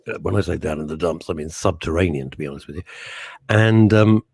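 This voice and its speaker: Bantering on a radio show, this co-host speaks briskly in a low, creaky, slightly rough voice, teasing his partner with animated jokes and mild swearing. The studio microphone in the radio studio captures him with no echo.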